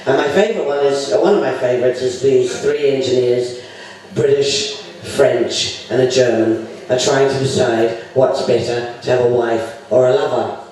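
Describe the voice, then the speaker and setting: A man's voice: mid-range voice, steady tone, moderate pace, a little mellow. A man hosting a comedy night, chatting in a rambling, meandering way. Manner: rambling, many fillers and restarts. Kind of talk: chatty emcee banter. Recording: echoey room, mic from far off.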